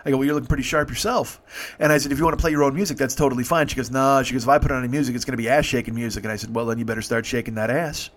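Fast-talking man telling a story. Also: mid-range voice, a bit bright. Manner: profane, conversational, acts out both sides of dialogue. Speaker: rideshare driver telling stories. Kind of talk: casual storytelling monologue.

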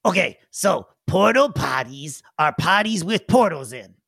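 A man voicing a proud, know-it-all male goblin who speaks in slow, broken grammar. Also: a little high, expressive, gravelly, a bit bright, husky, no room sound, clean studio sound, exaggerated voice.

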